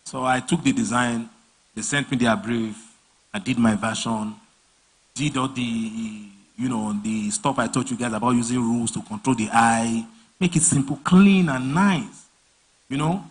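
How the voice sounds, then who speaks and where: A man's voice: mid-range voice, measured pace, slightly rough. A man giving a casual live design training, telling stories and voicing clients and bosses along the way. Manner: animated storyteller, voices clients and bosses mid-story. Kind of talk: casual live training talk with acted-out anecdotes.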